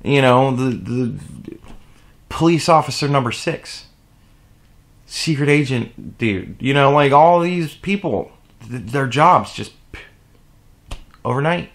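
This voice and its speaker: A young man hosting his own podcast, ranting about a scandal, profane and heated, swinging from loud indignation to low muttering. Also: expressive, takes it slowly, pauses often. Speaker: podcast host. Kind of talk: solo opinion rant.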